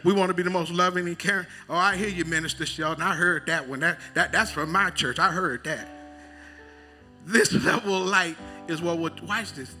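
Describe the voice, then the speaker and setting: A middle-aged man preaching a sermon as a bishop, in call-and-response style, drawling key phrases slowly and building to loud emphatic cries. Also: sits high. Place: church sanctuary.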